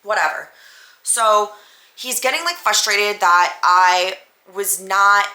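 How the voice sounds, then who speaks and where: A woman, hosting a podcast and telling a story in a casual, animated way, full of "like" fillers and acted-out dialogue. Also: mid-range voice, slow pace, reverberant. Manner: animated, acts out both sides of the conversation; frequent "like" fillers. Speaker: podcast host.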